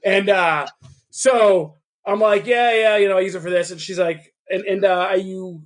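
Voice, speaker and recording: A man co-hosting a casual podcast, telling a story in an animated way, acting out both sides of a phone call and swearing freely. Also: high voice, moderate pace. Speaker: podcast co-host.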